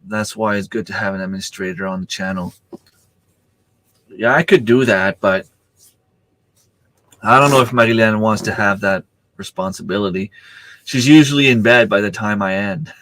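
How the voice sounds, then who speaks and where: A man's voice: fairly low pitch, fairly bright tone, a little hiss or hum. A middle-aged man, hosting a casual livestream chat, rambling with many fillers and restarts while he has the hiccups. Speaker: livestream host.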